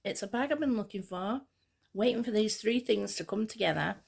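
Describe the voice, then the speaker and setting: A woman vlogger talking casually, telling a rambling, excitable story. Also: medium pitch, brisk, creaky, husky. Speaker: fashion vlogger. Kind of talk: casual chat.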